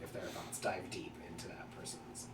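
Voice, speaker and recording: A man playing a tabletop game, quick-talking with bursts of excitement. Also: low voice. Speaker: player. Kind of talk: casual tabletop role-play. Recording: echoey room, distant mic, typing noise.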